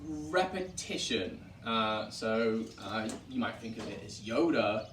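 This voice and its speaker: An Englishman from Wiltshire talks through old rural dialects in a relaxed teaching chat, stopping now and then to act out a sample line. The mic sits a fair way off, so his voice carries the echo of the room. A faint hum of ambience stays behind him. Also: fairly low pitch, takes it slowly, recorded from a distance. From Wiltshire, England. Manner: explains and demonstrates accents with lively put-on examples. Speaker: historic site director. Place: historic tavern room.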